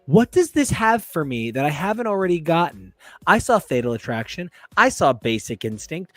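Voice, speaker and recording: Joking, animated man. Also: fairly high pitch, moderate pace, no room sound, faint music behind. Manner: joking, animated, riffing asides. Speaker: podcast co-host. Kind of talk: casual chat.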